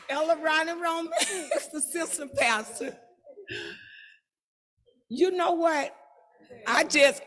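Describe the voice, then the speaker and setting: An older woman from Michigan giving an excited, emotional church testimony. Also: extremely high pitch, takes it slowly, long pauses. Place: church assembly hall.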